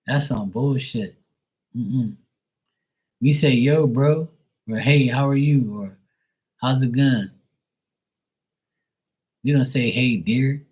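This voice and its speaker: A man's voice: mid-range voice, slow pace, long pauses, a little mellow, slightly rough, rough recording. A man from Bermuda, ranting bluntly and profanely to viewers on a casual livestream. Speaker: livestream host.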